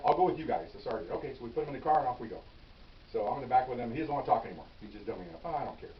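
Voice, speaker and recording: An older man, a retired police officer, casually telling a story from his career and acting out the dialogue with frequent asides. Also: medium pitch. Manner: conversational, acts out dialogue, frequent "okay?" asides. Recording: roomy, distant, dull lo-fi sound with faint hiss.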